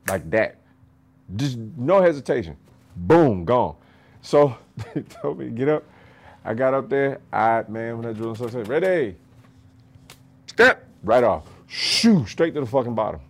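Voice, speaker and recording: A man's voice: mid-range voice, normal speed. A middle-aged man telling stories casually on a podcast, swearing freely and laughing often. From rural United States. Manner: profane, animated, laughs often. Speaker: podcast storyteller, martial arts master. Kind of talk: casual storytelling.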